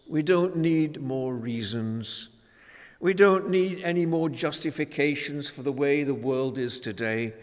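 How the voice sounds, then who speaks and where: A man preaching a sermon in a measured, emphatic way, with dramatic pauses. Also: medium pitch. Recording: long hall reverb.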